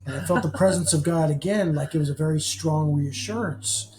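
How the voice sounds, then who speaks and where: A man co-hosting a podcast, telling his testimony in an animated, self-deprecating way, racing through some parts and slowing down on others. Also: fairly high pitch, slight background noise, poor audio. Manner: animated storytelling, fast bursts, self-deprecating. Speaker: podcast co-host. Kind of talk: personal testimony, casual chat.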